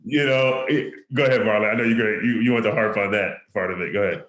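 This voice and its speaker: A man's voice: on the low side, fast, fairly bright tone, roomy sound. A man hosting an interview who affirms his guest often and keeps the talk moving. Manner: encouraging, affirming, with frequent yeahs. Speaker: host.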